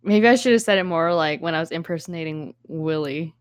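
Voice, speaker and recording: A woman co-hosting a casual podcast, bubbly, teasing, and quick to laugh. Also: deep voice, no echo, studio quality. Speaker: podcast co-host.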